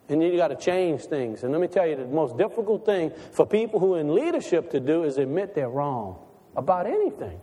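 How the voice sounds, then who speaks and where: Male pastor, high tenor, chatty down-home sermon delivery, long hall reverb. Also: sing-song, a little fast, mellow. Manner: folksy, conversational preaching with rhetorical questions.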